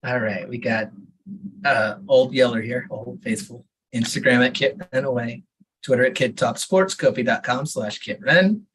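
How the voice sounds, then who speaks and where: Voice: medium pitch, normal speed, fairly bright tone, a little hiss or hum, poor audio. An open mic performer who reads a serialized story from home and chats in a laid-back, wry way. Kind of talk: reading a serialized story, then casual chat.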